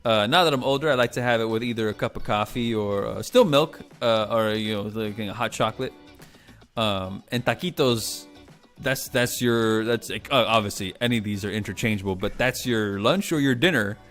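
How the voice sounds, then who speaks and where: A man hosting a casual live stream, rambling in an animated way with lots of restarts and the odd swear word. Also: lowish voice, moderate pace, soft background music. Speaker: livestream host.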